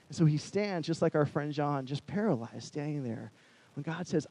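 A man preaching a sermon on a headset mic, animated, swinging between loud bursts and hushed passages. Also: a little high, normal speed, in a large hall, rough recording.

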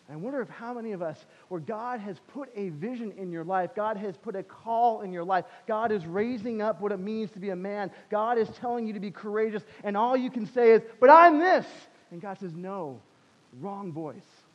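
A man with a high-pitched voice preaches with animated energy, dropping to near whispers and then bursting out loud. He speaks into a headset mic. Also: long reverb tail, lo-fi sound. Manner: animated, swings from loud to hushed. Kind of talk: sermon.

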